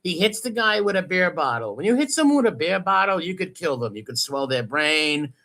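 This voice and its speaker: A man's voice: sits high, big pitch swings, brisk, creaky, sharp tone. A man hosting a live stream, mocking clips he plays with sarcastic, profane commentary. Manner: sarcastic, profane, laughs often. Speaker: host reacting to clips.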